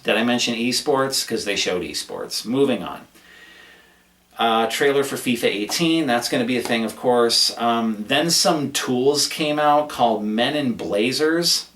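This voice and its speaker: A man's voice: medium pitch, measured pace, a bit bright, distant mic, slight background noise. Sarcastic, cursing man in an echoey room. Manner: sarcastic, profane, rambling rant. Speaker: gaming commentator. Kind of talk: casual recap commentary.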